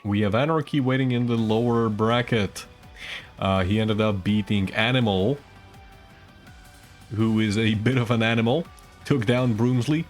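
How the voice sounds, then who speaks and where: A man's voice: lowish voice, fairly even intonation, a little slow, pauses often, soft background music. A man doing casual live esports commentary, chatty and rambling, teasing the chat between plays.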